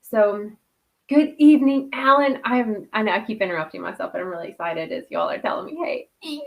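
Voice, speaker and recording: A woman's voice: medium pitch, animated, brisk, vocal fry. Laughing woman hosting a livestream. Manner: warm, laughs often, drops to soft guided meditation. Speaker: host. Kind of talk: casual livestream chat and guided breathing.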